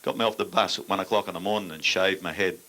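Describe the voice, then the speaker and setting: A man's voice: sits low, fast, sharp tone. An older man with an Australian accent, a stand-up comedian telling crude yarns with blunt, dry punchlines to a laughing audience.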